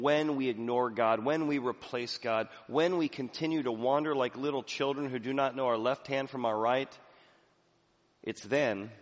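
A male pastor preaching a sermon in a church, swinging from soft, low passages to loud, emphatic ones. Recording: reverberant hall, slightly dull sound.

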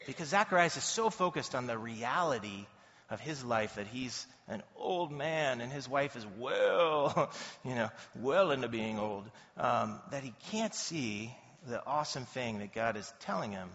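Male pastor, relaxed and lively sermon delivery, recorded in a big echoing church hall. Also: mid-range voice, unhurried. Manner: conversational and animated, acting out quoted voices. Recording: dull sound in a reverberant hall.

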